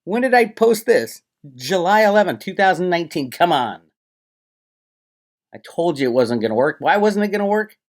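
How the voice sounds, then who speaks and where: A man's voice: high-pitched, sing-song, normal speed. A man hosting his own channel, delivering a heated, profane, sarcastic solo rant to his viewers. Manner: agitated, profane, sarcastic, ranting. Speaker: crypto commentator and channel host.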